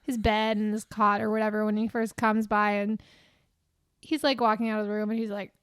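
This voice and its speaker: A woman's voice: medium pitch, little pitch movement, brisk, clean tone. A young woman in her twenties co-hosting a podcast in casual, giggly, teasing chat with lots of swearing. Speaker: podcast co-host.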